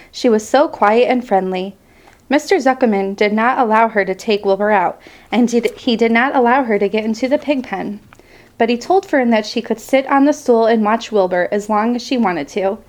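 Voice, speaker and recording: Woman reading a children's story aloud. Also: a little high. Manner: calm, unhurried storytelling, lingering over lists. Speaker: reader.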